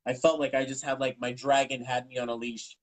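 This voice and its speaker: A man's voice: medium pitch, level tone, brisk, low-quality recording. A man in his thirties, an interview guest, telling his own story in a frank, rambling way and acting out what people said. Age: 30s. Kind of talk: candid personal storytelling.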